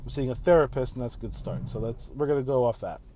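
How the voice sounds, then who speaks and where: A man's voice: mid-range voice, fast, mellow, slight background noise, low-quality recording. A man in his thirties hosting a casual solo podcast while driving home, rambling in a laid-back way and swearing freely. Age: 30s. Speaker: podcast host.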